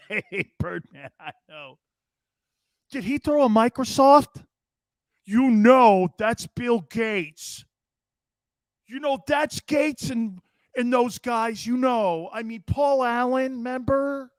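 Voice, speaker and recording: A man's voice: extremely high pitch, animated, takes it slowly, no room sound, clean studio sound. A brash man in his fifties hosting a sports talk show, chatting casually and cursing freely as he reacts to comments. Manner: brash, profane, laughing between lines. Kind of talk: casual chat reading live comments.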